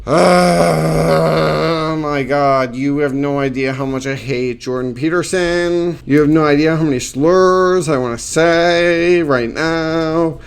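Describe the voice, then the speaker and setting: A man's voice: on the high side, fairly even intonation, a little slow, hardly any pauses, clear, resonant tone. A man doing reaction commentary on a clip, sarcastic and exasperated, swearing often.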